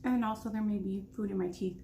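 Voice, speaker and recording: A woman's voice: mid-range voice, steady tone, fast talker, mellow, slight background noise. A woman in her thirties telling a story while eating, talking casually with food in her mouth. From United States. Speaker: vlogger.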